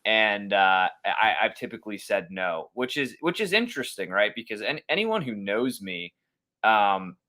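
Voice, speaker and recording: A man with a low but forceful, sharp-edged voice talks about working behind the scenes on a podcast. He is easygoing and outgoing, often stumbling over his first words before settling in. The talk stays casual. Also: very animated, moderate pace. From Austin, Texas area. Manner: easygoing and outgoing, with stammered restarts. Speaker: podcast producer and co-host.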